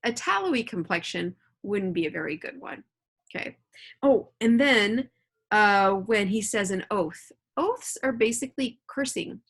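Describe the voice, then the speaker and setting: A woman's voice: mid-range voice, lively intonation, a little slow, a bit bright, slightly rough. A woman teacher reading a novel aloud at home and explaining it to her students in a casual, chatty way with frequent check-ins. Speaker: middle school teacher.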